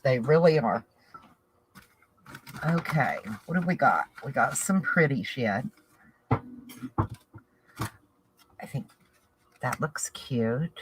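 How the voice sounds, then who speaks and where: In a slow, expressive bass voice with long pauses, a Southern US woman talks casually to camera while working on a craft. The rough recording carries a little hiss or hum, and she rambles and thinks aloud throughout.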